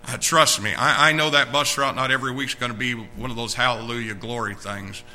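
A middle-aged male pastor preaching a sermon in his church, urging the congregation on, dropping low and quiet, then rising loud and excited. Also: brisk, soft background music, rough recording. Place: church sanctuary.

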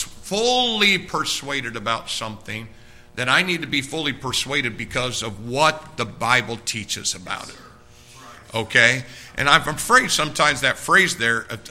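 A man's voice: mid-range voice, sharp tone. A man preaching a sermon, talking straight to his congregation in a conversational way and often checking in with them. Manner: conversational preaching with frequent direct asks to the congregation.

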